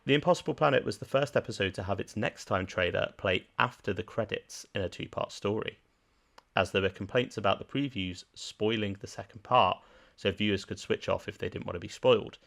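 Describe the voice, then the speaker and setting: This podcast co-host is an Englishman with a Birmingham accent, speaking a little fast in a fairly low, creaky, slightly bright voice. He chats, laughs easily, and reads out trivia and production facts.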